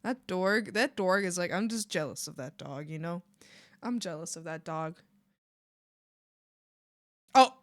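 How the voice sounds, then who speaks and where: A woman streamer chatting casually to her viewers, excitable and rambling, laughing often. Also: lowish voice, a little slow, pauses often. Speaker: art streamer. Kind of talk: casual live-stream chat.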